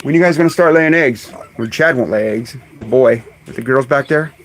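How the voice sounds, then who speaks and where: A man hosting a casual live stream outdoors among his birds, chatting away and calling to them in high coaxing tones, recorded on a phone. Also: normal speed, a little hiss or hum. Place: outdoors in a bird yard on a sunny day. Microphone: phone camera.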